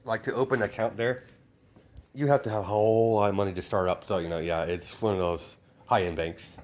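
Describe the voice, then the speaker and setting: A man improvising a fan story out loud in a rambling way, filling his sentences with hesitations and fillers. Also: on the low side, steady tone, a little fast. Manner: rambling, full of "you know" fillers.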